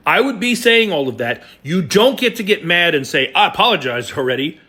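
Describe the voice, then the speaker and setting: A man's voice: high voice, sing-song, a little fast, pushed and bright. A man giving blunt, profane commentary, telling a story before turning angry. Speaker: online commentator.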